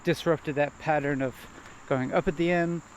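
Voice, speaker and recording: A man vlogging as he walks a nature trail, thinking aloud in a halting, hesitant way and repeating words. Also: fairly high pitch, fairly even intonation, dull audio. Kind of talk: rambling self-reflective monologue while walking. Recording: faint outdoor noise.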